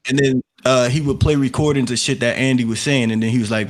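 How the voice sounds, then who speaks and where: A man's voice: mid-range voice, fairly even intonation, fast. A man in casual chat about a movie, rambling with slang and filler words. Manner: slangy, rambling, says bruh and dog. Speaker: podcast co-host.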